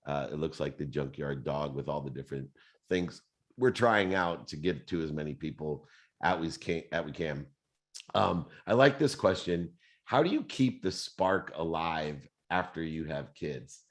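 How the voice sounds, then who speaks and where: A man in his fifties hosting a live motivational Q&A, talking in an animated, conversational way with plenty of fillers. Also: rumbling low, unhurried. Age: 50s. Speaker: host.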